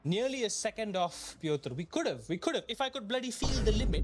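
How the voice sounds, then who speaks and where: A man's voice: high-pitched, very animated, a little fast, few pauses, over music. A young man, streaming a sim race and venting aloud in repeated questions and mumbled asides. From Malaysia. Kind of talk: live gaming stream commentary.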